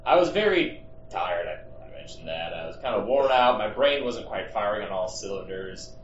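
A man's voice: lowish voice, animated, normal speed, a little hiss or hum. Jokey man far off in an echoey room. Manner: rambling, jokey storytelling. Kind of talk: casual chat. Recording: dull roomy sound from a distance.

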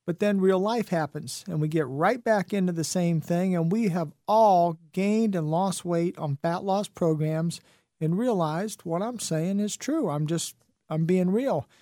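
A man's voice: high-pitched, a little slow, warm tone, dry recording, studio quality. A middle-aged man hosting a health and wellness radio talk show, folksy and preachy, full of rhetorical questions.

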